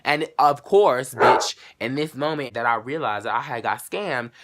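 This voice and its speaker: A man in his late teens telling a story to camera in a casual vlog, animated and profane, acting out both sides of the dialogue with sudden jumps in pitch and loudness. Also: a little slow, heavy background noise. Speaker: vlogger.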